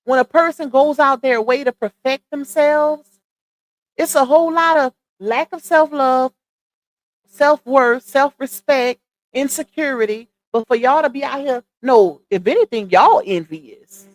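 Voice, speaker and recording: Hosting a laid-back livestream, a young woman talks in a high-pitched, unhurried voice. She's blunt and emphatic, sharing strong opinions while addressing viewers head-on.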